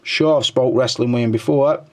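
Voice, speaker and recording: A man's voice: mid-range voice, moderate pace, a little mellow. Crude, joking middle-aged guy. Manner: crude, joking banter full of swearing, muttering under his breath while scrolling. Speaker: toy reviewer and channel host. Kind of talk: casual chat reading viewer comments.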